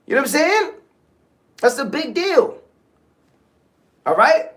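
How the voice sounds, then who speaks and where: A high, slightly bright voice, very animated yet slow, with frequent pauses. On a livestream, this host delivers a casual motivational talk, leaning on repeated phrases and checking in with the audience again and again.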